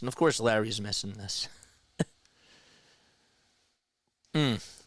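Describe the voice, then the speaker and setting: A man's voice: fairly low pitch, takes it slowly, pauses often, no echo. Casual young man calling baseball live. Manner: chatty, talks to viewers between calls. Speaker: fan play-by-play streamer. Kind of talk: casual live play-by-play commentary.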